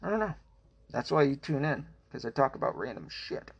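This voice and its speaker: A man's voice: mid-range voice, big pitch swings, a little fast, gravelly, lo-fi sound, heavy background noise. A young American man hosting a casual solo podcast, rambling and swearing emphatically, a little out of breath. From United States. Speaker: podcast host. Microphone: close mic.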